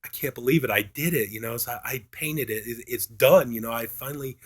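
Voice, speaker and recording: Man putting on a timid young painter, soft, mumbling, hesitant. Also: mid-range voice, a little fast, slightly rough, voice pushed down, lightly acted. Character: insecure young male painter, timid and self-doubting.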